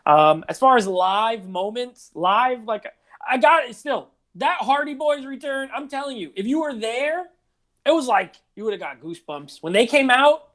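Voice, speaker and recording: A man's voice: extremely high pitch, expressive, moderate pace, a bit bright. A man in his thirties co-hosting a podcast, rambling in casual chat with lots of "like". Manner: rambling, heavy use of "like". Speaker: podcast co-host.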